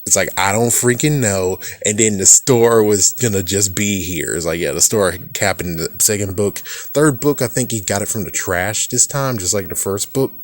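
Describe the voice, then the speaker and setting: Man, low-pitched, rambling casual commentary, dry close sound. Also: no room sound. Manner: rambling, lots of "it's like" and "actually", chuckles to himself. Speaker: YouTube commentator.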